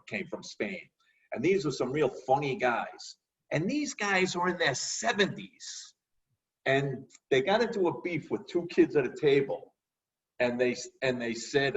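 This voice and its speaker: A man telling lively stories in a casual conversation. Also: mid-range voice, far from the mic, muffled recording. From New York. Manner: animated, acts out voices in his stories. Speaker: guest.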